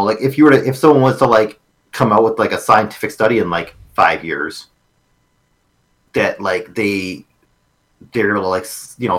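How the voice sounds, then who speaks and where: A man's voice: fairly low pitch, fairly bright tone. A man in a casual podcast chat who rambles, fills his talk with "like" and restarts, and swears casually.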